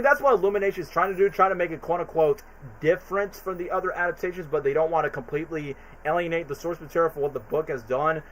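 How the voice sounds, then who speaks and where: A man's voice: fairly high pitch, fairly bright tone, slight background noise, low-quality recording. Chatty young man with a raised voice. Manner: rambling, chatty, frequent fillers and restarts. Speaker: streamer ranking movies. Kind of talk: casual opinionated commentary stream.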